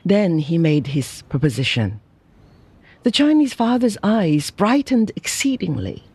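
A narrator reading a classic short story aloud in measured, unhurried storytelling. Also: medium pitch, very animated, darkish tone, slightly rough, no room sound. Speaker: audiobook narrator. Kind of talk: scripted narration.

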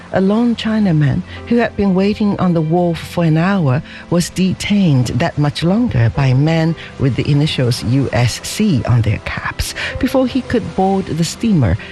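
A man narrating a story in a measured, expressive reading. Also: on the high side, rough recording. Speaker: audiobook narrator.

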